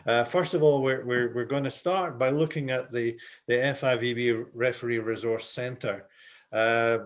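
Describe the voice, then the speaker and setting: An older man with a Scottish accent, giving a webinar lecture as a refereeing instructor, speaking slowly and with hesitation over a video call. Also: medium pitch, steady tone. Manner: deliberately slow, hesitant delivery.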